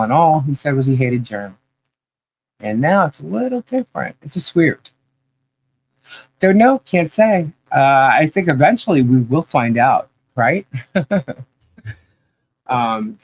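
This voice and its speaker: A woman hosting a live podcast stream and reading the chat, chatty and halting, laughing often. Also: low voice, low-quality recording.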